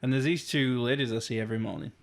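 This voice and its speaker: A man's voice: medium pitch, quick pace, vocal fry. Young english guy on a podcast, chill, laughs a lot, mid voice. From England. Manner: laughs often, easygoing, trails off. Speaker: podcast co-host. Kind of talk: casual chat.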